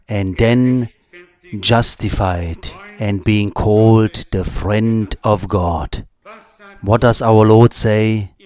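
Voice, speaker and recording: A man preaching a sermon, speaking deliberately with long pauses and repeated phrases for emphasis. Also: lowish voice, darkish tone.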